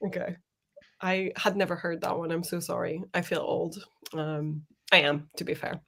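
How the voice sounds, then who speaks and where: A woman's voice: on the low side, steady tone, normal speed, gravelly, fairly bright tone. A young adult woman co-hosting a livestream, chatting casually and reading out viewer comments, laughing often. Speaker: co-host of a writing sprint stream.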